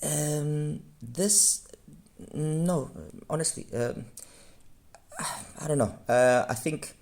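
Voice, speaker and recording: A man's voice: a little high, drawn-out words, darkish tone. A man giving a frank, rambling review of audio gear, often stopping to correct himself mid-sentence. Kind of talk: unscripted review monologue.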